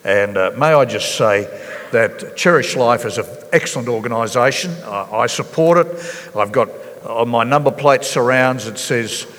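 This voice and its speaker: A man preaching a sermon as pastor, earnest and halting, with many fillers and restarts. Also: mid-range voice, a bit bright, long reverb tail. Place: church hall.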